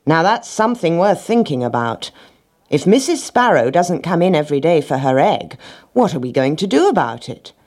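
A lazy, drowsy male farm dog from a storybook, played by a woman, yawning through his words in a husky, breathy voice that rises and falls a lot. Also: deep voice, big pitch swings, moderate pace, darkish tone. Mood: thoughtful.

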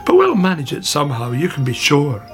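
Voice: mid-range voice, wildly swooping pitch, fairly quick, soft background music. A narrator voicing a competitive female badger villager in a storybook, emphatic and boastful.

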